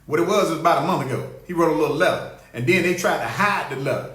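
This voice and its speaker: A man hosting a comic live show, animated and laughing as he greets viewers by name. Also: on the high side, fast, few pauses. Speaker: show host. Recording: roomy echo.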